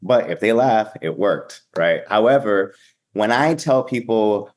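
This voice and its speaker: A man's voice: on the low side, unhurried. A man with a Boston accent, an event emcee speaking energetically and sometimes bluntly in a casual podcast interview.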